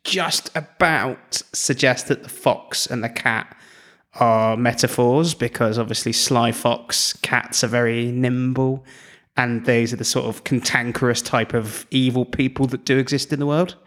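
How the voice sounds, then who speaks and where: A man's voice: mid-range voice, fairly even intonation, a little slow, a bit bright. A man co-hosting a podcast, telling rambling anecdotes full of "like" and "literally". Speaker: podcast co-host. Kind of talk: casual chat.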